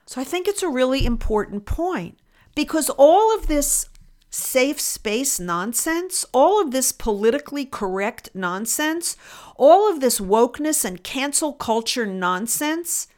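Higher-voiced woman giving a pointed podcast monologue. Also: very animated. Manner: measured, pointed storytelling. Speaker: podcast host.

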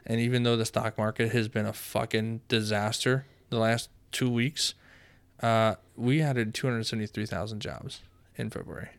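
A man's voice: lowish voice, clear, resonant tone. A man co-hosting a podcast in loose, profane casual chat, rambling with restarts. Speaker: podcast co-host.

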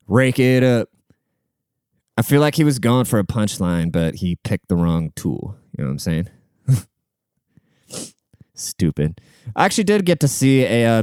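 A man's voice: fairly low pitch, a little mellow, clear, resonant tone, dry recording, studio quality. A young man hosting a podcast, giving a crude, profane, rambling monologue in casual chat.

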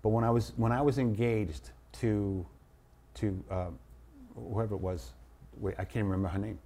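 A man in his sixties, a comedian guest telling stories in an animated way and acting out his bits. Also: lowish voice, moderate pace. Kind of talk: casual storytelling.

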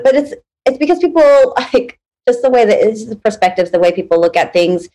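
Woman, casual co-host; earnest, explains at length, quick to laugh. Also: fairly high pitch, a little mellow, poor audio. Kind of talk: casual chat.

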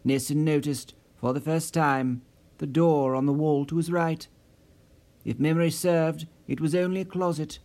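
A man reading a story in steady, measured scripted narration. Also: a little high. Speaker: audiobook narrator.

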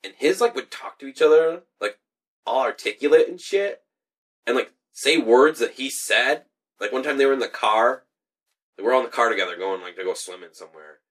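A man's voice: mid-range voice, a little fast, recorded from a distance. A young man in casual profane banter, laughing often and telling stories with lots of swearing. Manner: laughing, swearing, animated storytelling.

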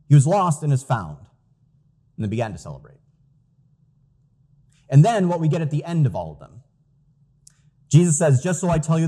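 A man's voice: fairly high pitch, warm tone. A man preaching a sermon as pastor, earnest and emphatic, reading out scripture quotes.

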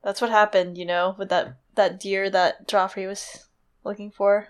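A woman's voice: mid-range voice, level tone, moderate pace, smooth. A woman co-hosting a podcast who retells a story in chatty casual talk, full of fillers. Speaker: podcast co-host. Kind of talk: casual chat, retelling a chapter.

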